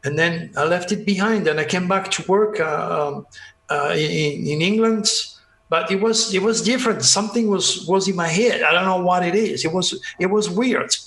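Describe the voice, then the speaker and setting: A man's voice: high-pitched, normal speed, creaky, fairly bright tone, roomy sound, rough recording. A man from France, telling a dramatic story as a podcast guest and acting out the dialogue. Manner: dramatic, acts out dialogue, restarts often. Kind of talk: animated storytelling.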